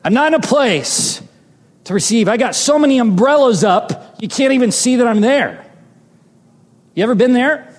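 A man's voice: very high voice, moderate pace. Man preaching a testimony in a reverberant hall. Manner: animated, swings from loud exclamations to hushed tender lines. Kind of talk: sermon testimony storytelling.

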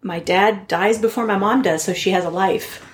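A woman guest from Southern California speaks candidly and earnestly about her family. Her voice sits at an ordinary middle pitch, and her telling is heartfelt rather than polished. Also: steady tone, moderate pace. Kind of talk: personal storytelling in a podcast interview.

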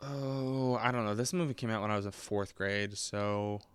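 A man in his twenties chatting casually about a movie, rambling and self-mocking, often breaking into squeaky high put-on voices. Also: normal speed, clear, resonant tone, no room sound. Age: 20s. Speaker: podcast host reviewing a movie.

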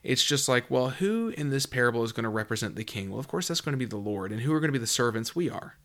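A man giving a conversational Bible teaching, reading verses aloud and then explaining them in a relaxed, musing way with fillers, jumping high and loud when he stresses a point. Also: fast.

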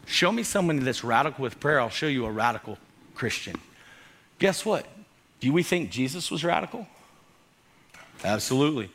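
A male pastor preaches with fiery passion, his voice high for a man and bright, almost ringing. He swings from near-shouts on his key points to quiet, hushed lines, and acts out the dialogue in his stories. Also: sing-song, normal speed, long pauses, husky. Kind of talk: sermon.

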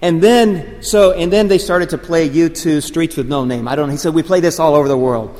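A man preaching a sermon, telling stories and rising to loud, excited proclamations. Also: on the high side, brisk. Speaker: pastor. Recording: long hall reverb.

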